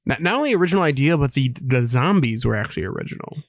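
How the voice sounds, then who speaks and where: A man on a casual film podcast, talking quickly and offhandedly with the odd swear word. His pitch is middling, and the sound is dry and close. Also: expressive, no echo. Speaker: podcast co-host. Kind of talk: casual film review chat.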